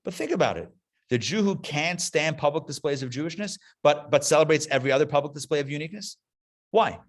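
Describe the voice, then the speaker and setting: Before a live classroom audience, a rabbi lectures with passion, his voice on the high side with lively intonation and a quick pace. He's emphatic and leans on repetition of key phrases.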